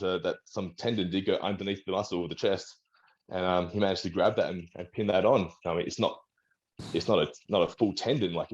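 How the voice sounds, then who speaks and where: A man's voice: sits low, a little mellow, muffled recording. An Australian man, a strongman and trainer, chatting in an interview and rambling through a story while acting out what the doctors said. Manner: rambling, restarts, acts out quoted doctors. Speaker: guest, strongman and personal trainer. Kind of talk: casual interview talk.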